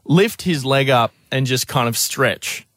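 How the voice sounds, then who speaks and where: A man's voice: mid-range voice, unhurried, a bit bright, no echo, studio quality. A young Australian man co-hosting breakfast radio, telling rambling stories with lots of laughs. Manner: rambling storyteller, laughs often. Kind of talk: casual radio banter.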